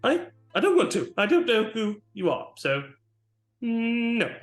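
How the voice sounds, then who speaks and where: A man's voice: very high voice, huge pitch swings, measured pace, pitched above the performer's own voice, exaggerated voice. A man voicing an unhinged male dragonborn noble who rambles in sing-song repetitions and rhymes. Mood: rambling. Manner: sing-song muttering, repeats words, rhymes. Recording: roomy with faint music.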